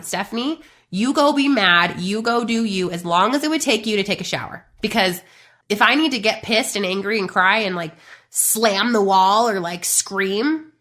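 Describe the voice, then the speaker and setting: A woman in her thirties hosting a faith-based business podcast, talking to listeners in a lively, chatty way. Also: medium pitch. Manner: animated, chatty, addresses listeners as you guys. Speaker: podcast host.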